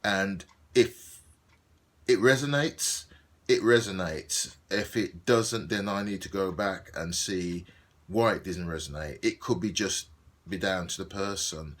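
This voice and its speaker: Middle-aged man, Birmingham accent, low pitch; casual video diary, rambling, filler-heavy. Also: a bit bright. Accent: Brummie. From Birmingham, England. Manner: rambling, filler-heavy, many ums and restarts. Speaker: actor and video diarist.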